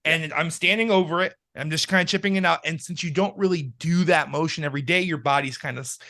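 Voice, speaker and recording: Fast and forceful, a young podcast co-host with a fairly high, bright voice rambles through a story during casual conversation, breaking into frequent laughter.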